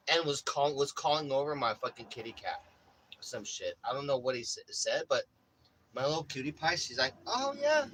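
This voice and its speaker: A man's voice: medium pitch, bright, forceful tone, slight background noise, rough recording. A young man casually telling a rambling story full of swearing, often saying bro. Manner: profane, rambling, says bro a lot. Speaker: vlogger.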